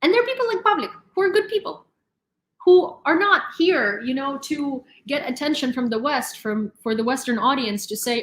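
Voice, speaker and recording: A woman's voice: high voice, lively intonation, normal speed. A young woman hosting a live news stream, talking in a chatty, rambling way with many fillers and frequent laughs. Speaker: news channel host. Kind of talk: casual live-stream commentary. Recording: roomy echo.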